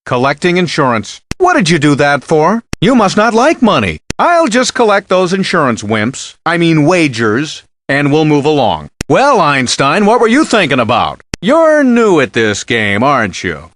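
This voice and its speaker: A wisecracking casino dealer. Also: male voice, fairly high pitch, wildly swooping pitch, normal speed, few pauses, fairly bright tone, slight background noise. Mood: teasing. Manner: sarcastic, joking, teasing the player. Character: wisecracking male casino blackjack dealer, sarcastic. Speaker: blackjack dealer. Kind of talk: video game voice acting.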